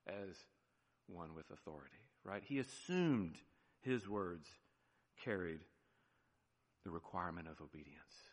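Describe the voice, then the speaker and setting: A man with an American accent, a pastor preaching a sermon with emphatic swings between loud declarations and hushed low phrases, often asking "right?". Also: animated, unhurried, pauses often. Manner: asks the congregation "right?" often. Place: church sanctuary. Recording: long church reverb.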